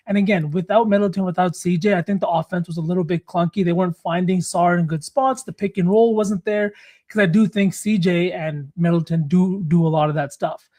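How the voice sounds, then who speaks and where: A man's voice: high-pitched, fairly even intonation, brisk, a little mellow. A man co-hosting a sports betting show, breaking down player props in casual analytical chat.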